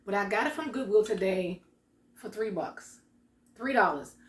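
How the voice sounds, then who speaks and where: A woman's voice: mid-range voice, animated, normal speed, roomy sound. A woman hosting a casual kitchen vlog, chatting straight to her viewers in a folksy way. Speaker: vlog host. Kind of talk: casual chat to camera. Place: home kitchen.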